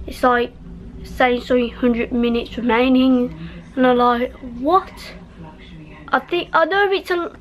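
Female vlogger, UK, casual rambling chat, slightly high pitch, faint noise. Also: low-quality recording. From United Kingdom. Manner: rambling, lots of fillers and trailing off. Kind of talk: casual vlog talk. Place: home bedroom, indoors.

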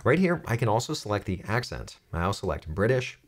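A young man guiding viewers through a software tutorial. His voice moves lively up and down as he explains each click, with a light, joking touch. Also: on the low side, brisk. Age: young adult. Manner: upbeat, jokey step-by-step explaining. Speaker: tech tutorial host. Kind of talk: screen-recorded software tutorial.

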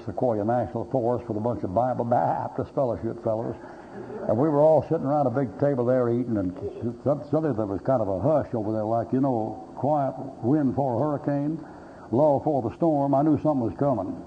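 A male preacher gives a sermon full of folksy stories and blunt humor, doing the voices of the characters himself. He speaks at a medium pitch and a slightly quick pace. The audio is muffled and lo-fi, carrying a faint hiss.

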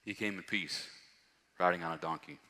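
A man preaching a sermon, reading scripture aloud and rising to loud, emphatic passages. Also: low voice, moderate pace. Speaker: pastor. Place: church hall. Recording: long hall reverb.

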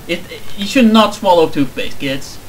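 Animated young man teasing his co-player. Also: sits high, normal speed, recorded from a distance, a crowd in the background, low-quality recording. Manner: teasing, animated, swears when losing. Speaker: let's play commentator. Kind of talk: casual gaming banter.

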